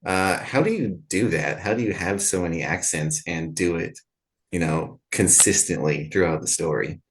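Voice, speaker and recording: A man's voice: deep voice, moderate pace. A man, the author, asking a narrator questions in a casual, friendly, somewhat rambling way. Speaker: interviewer, author.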